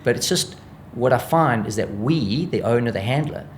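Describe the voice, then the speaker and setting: A man's voice: medium pitch, normal speed, a little hiss or hum. A man with a South African accent, an animal behaviourist guest, explaining dog training in an interview and acting out what dogs think. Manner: lively, acts out dog thoughts in voices.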